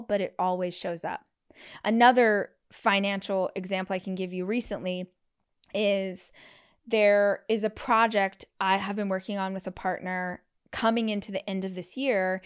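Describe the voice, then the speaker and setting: A woman in her thirties, a podcast host, telling personal stories in a casual way, acting out what people said with big jumps in her voice and lots of "like" fillers. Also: smooth. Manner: animated, acts out quotes with big pitch jumps; frequent "like" fillers. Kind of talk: casual storytelling.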